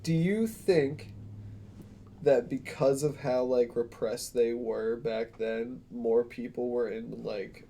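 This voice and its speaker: A man co-hosting a podcast livestream, joking and teasing in casual chat, with a gravelly voice. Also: medium pitch, steady tone, slow, dark tone. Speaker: podcast co-host.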